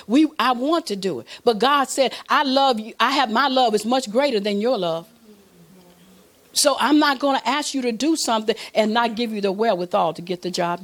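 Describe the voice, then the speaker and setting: A woman preaching a sermon, calling for amens and acting out prayers and God's replies. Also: a little high. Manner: call-and-response with the audience, asks for amens.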